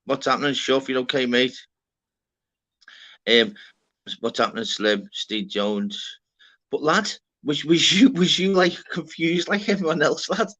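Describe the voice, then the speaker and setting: Animated, swearing male livestreamer. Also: medium pitch, measured pace. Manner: animated storyteller, swears often, calls people lad. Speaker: livestream host. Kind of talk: casual chat.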